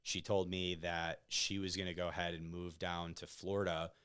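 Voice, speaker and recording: A low-pitched man recounts personal stories as a podcast guest in a loose, chatty way. His voice is smooth and resonant, and he keeps checking in with "right?" as he talks. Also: flat delivery, normal speed, a bit bright. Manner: conversational, peppers stories with "like" and "right?". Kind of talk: casual interview storytelling.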